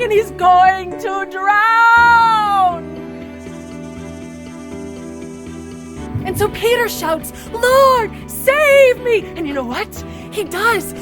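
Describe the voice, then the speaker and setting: A woman playing a chatty female water droplet in a comic children's sermon skit, telling her story with gushing drama. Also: extremely high pitch. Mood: dramatic.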